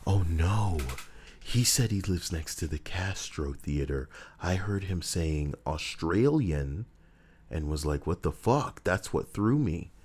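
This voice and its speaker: A man rambles through casual livestream chat in a low voice that swings widely in pitch. He is profane and talkative, jumping from thought to thought. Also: lively intonation, slow pace, a little mellow, slight background noise. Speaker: game streamer.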